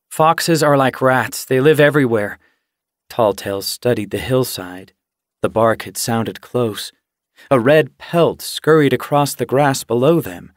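A man narrating an audiobook, reading slowly and evenly and lifting his voice for the characters' lines. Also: medium pitch, no echo, clean studio sound. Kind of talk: scripted narration.

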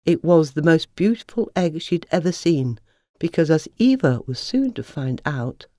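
Storyteller, children's story, lively, mellow tone, dry sound. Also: medium pitch, normal speed, no echo. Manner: lively, expressive storybook narration. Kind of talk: reading a children's story aloud.

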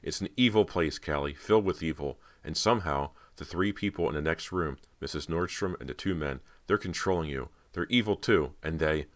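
A man's voice: brisk, hardly any pauses. A man voicing a terrified teenage girl who pleads with her sister in an audiobook. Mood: pleading. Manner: pleading, breathless and shrill. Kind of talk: audiobook character voice.

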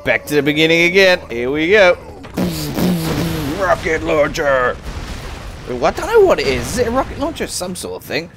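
A man giving casual, excitable and self-mocking commentary while playing a video game, chatting to his viewers. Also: on the high side, normal speed, long pauses. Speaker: gaming video host.

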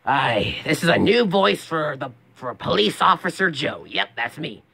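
A young man voicing a stern male police officer puppet in a scratchy, low voice. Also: big pitch swings, unhurried, vocal fry, sharp tone, husky, full character voice. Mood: gruff.

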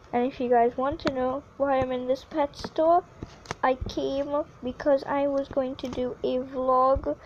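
Woman, gameplay commentary, excitable, very slow talk, faint hiss behind. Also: high-pitched, muffled recording. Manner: chatty and excitable, yelps when falling. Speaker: gaming YouTuber.

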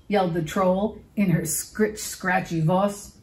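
A woman librarian reading a picture book aloud to children, expressive and stopping to ask them questions. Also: fairly low pitch, takes it slowly, poor audio.

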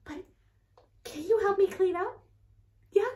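A woman's voice: extremely high pitch, a little slow, darkish tone, reverberant. A woman teaching toddlers in a learning video, with sing-song speech, lavish praise and gasps of wonder. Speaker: toddler teacher and show host.

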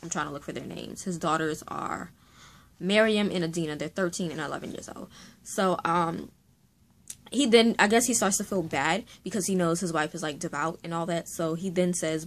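A woman's voice: on the low side, normal speed. A woman vlogging about a book she is reading, chatty and enthusiastic with lots of fillers. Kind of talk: casual reading vlog chat.

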